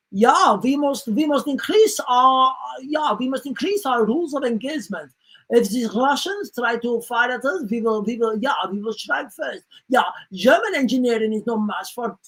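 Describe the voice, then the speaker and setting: A woman's voice: medium pitch, low-quality recording. A woman hosting a live-streamed news commentary, talking straight to her viewers in a rambling, emphatic way with many restarts. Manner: addresses viewers directly. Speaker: livestream host.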